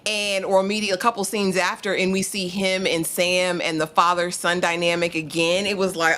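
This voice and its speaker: A woman co-hosting a TV recap show, talking through favorite scenes in a relaxed, emphatic way. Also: fairly low pitch, moderate pace, hardly any pauses, a little hiss or hum. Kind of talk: casual chat reviewing a TV episode.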